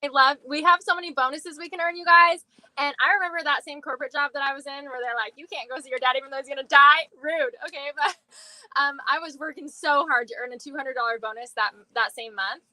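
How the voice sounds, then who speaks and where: A bubbly woman in her twenties talks over a video call, giggling often. Her voice is high and very bright and sharp, and it sounds dry and close with no room around it. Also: a little fast, dry recording, poor audio. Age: 20s. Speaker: sales consultant. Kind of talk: casual live video chat.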